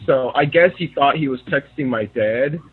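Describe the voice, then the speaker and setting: A young man speaking hesitantly in class, stumbling through fillers and apologies. His voice is husky, at a middling pitch, and the recording sounds dull and lo-fi. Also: moderate pace. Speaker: student. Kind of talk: classroom talk.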